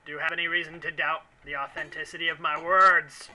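A man's voice: on the high side, flat delivery, fairly quick, pushed and bright, low-quality recording. A man commenting on a video game he is playing, in rambling, mock-angry, jokey rants. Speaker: let's play commentator.

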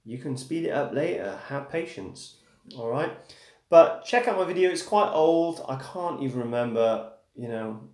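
A man's voice: medium pitch, a little mellow. A man with an English accent teaching guitar on a live stream, talking casually and checking in with viewers. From England. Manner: casual and encouraging, checks in with "okay?", calls viewers "dude" and "man". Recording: echoey room with guitar playing.

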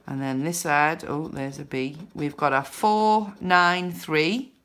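A woman hosting a scratchcard video, counting numbers aloud in casual narration with bursts of excited whoops. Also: deep voice, slow pace. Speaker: scratchcard channel host.

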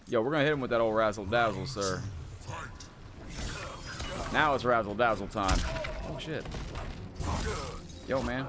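A man hosting a gaming livestream, chatting casually and excitably over gameplay and greeting viewers by name. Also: medium pitch, a little slow, pauses often. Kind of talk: casual live-stream chat over gameplay. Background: game music.

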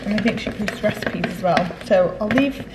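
A woman's voice: medium pitch, moderate pace. A young woman, chatting enthusiastically in a casual vlog. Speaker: vlogger. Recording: echoey room with clear background noise.

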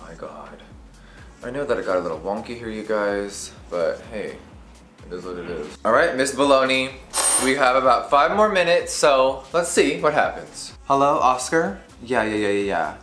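Man, beauty vlogger, sassy, giggly, lively swooping pitch, roomy hotel room sound. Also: moderate pace, faint music behind. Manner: sassy, giggly, swears casually. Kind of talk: casual chat to camera.

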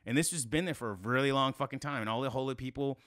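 Guy in his 30s telling a story on a podcast, swears a ton, bright tone, dry close sound. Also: fast talker, dry recording. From South Carolina, US. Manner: animated, swears a lot, rising to high exclaims. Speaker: podcast guest. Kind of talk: casual storytelling.

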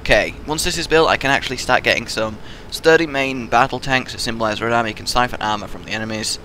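A man narrates his strategy match as he plays, excitable and quick to swear and trash-talk. His voice is bright. A faint hum sits underneath. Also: medium pitch. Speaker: gaming video host. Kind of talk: live gameplay commentary.

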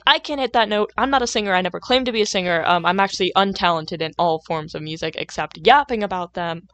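A young woman rambling casually while she plays a game, full of fillers, self-deprecating asides and sudden loud, playful outbursts. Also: medium pitch, brisk, hardly any pauses, no room sound. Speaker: gaming video creator.

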